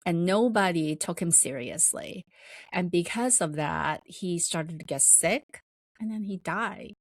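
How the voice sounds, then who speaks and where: A woman's voice: expressive, a little slow, no room sound. A woman podcast host retelling a story in a rambling, casual way with plenty of fillers. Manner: rambling, many fillers, acts out quoted voices higher.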